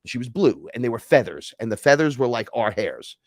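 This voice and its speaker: A man telling a personal story in casual talk, excitable and profane, swinging between loud bursts and hushed asides. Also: medium pitch, fairly quick, no room sound, studio quality. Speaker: podcast host recounting an experience.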